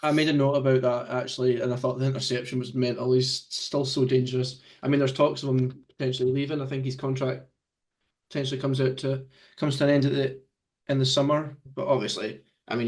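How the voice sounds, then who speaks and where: A man in casual football banter, hosting the chat. He jokes freely and keeps things moving with questions to the others. His voice sits at an ordinary middle pitch. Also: flat delivery, fast talker. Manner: jokey, leads the discussion with questions. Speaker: podcast host.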